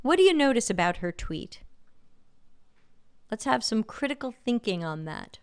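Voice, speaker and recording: A woman's voice: a little high, very animated, moderate pace, clean tone. A woman with a light New York accent hosting a live stream, reading out chat comments and giving blunt, sardonic commentary. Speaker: livestream host.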